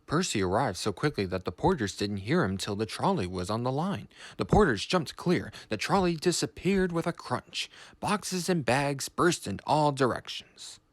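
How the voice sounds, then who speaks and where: A man narrating a children's storybook in a measured, expressive way. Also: medium pitch, no echo.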